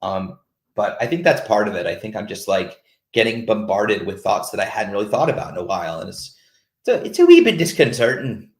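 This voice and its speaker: A man speaks openly and casually on a video call, often stopping and restarting as he searches for words. His voice sits on the low side. The room adds a noticeable echo. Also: a little fast. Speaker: host of a peer support call. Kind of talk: candid casual talk. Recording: roomy echo.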